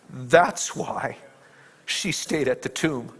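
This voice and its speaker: Male preacher, slightly high voice, dramatic sermon storytelling, long hall reverb. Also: expressive, slow pace, pauses often, husky. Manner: dramatic storytelling, dropping to hushed tones and rising to emphatic peaks. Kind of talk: sermon retelling a film scene.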